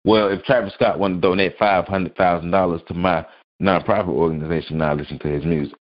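A man's voice: low-pitched, fairly even intonation, fast. Profane, blunt man ranting on a podcast. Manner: profane, blunt, mocking, repeats phrases. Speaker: podcast host. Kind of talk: solo opinion rant. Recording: dull lo-fi audio.

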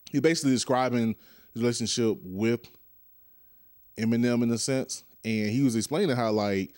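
Here a young podcast host talks on his own in a loose, meandering monologue, cracking jokes for himself and his audience. He has a lowish, somewhat mellow voice, captured in clean studio audio without any echo.

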